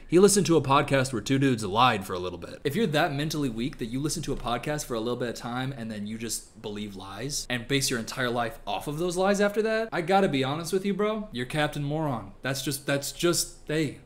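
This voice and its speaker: A young man doing comedic commentary, sarcastic and animated, with quick asides and mock voices. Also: mid-range voice.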